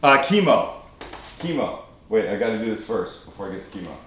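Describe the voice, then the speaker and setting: A Canadian man hosts a casual live-stream cooking Q&A, telling stories in an animated, chatty way with occasional swearing. His middle-range voice, on the low side and fairly quick, echoes around a roomy space. The recording sounds dull and lo-fi with a little hiss or hum.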